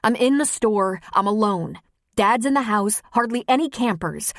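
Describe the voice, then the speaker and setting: A woman's voice: mid-range voice, animated, normal speed, no echo, clean studio sound, voice pushed up, natural voice. A woman reading an audiobook, voicing a frightened young woman who runs a camp store, urgent and pleading.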